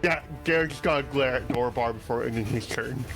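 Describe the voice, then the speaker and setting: A man playing in a tabletop game, hesitating and thinking his moves through out loud. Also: mid-range voice, fairly quick, music in the background. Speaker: player. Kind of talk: casual tabletop game chat.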